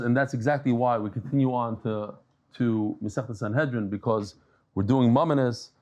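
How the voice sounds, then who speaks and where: A man giving a daily Talmud lesson in a lively, conversational way, telling jokes and stories and mixing Hebrew and Aramaic terms into his English. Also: mid-range voice. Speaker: Talmud lecturer.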